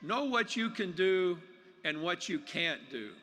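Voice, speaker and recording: An older man giving a folksy, plainspoken commencement speech in a large arena, with halting restarts. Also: high-pitched, expressive, fairly bright tone. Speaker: commencement speaker. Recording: long arena reverb.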